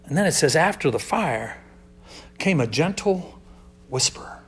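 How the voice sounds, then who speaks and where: A young man preaching to a youth group. He talks casually, calls the listeners dude and man, and swings between loud emphasis and hushed asides. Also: fairly high pitch, animated, unhurried. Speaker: youth pastor. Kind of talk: sermon.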